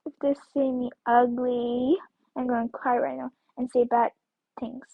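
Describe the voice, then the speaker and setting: Woman, gameplay commentary, high voice, rambling, repeats herself, dull lo-fi recording. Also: level tone, unhurried, gravelly, no echo. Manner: rambling, repeats words, bursts of squealing and whispers. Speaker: gaming video creator.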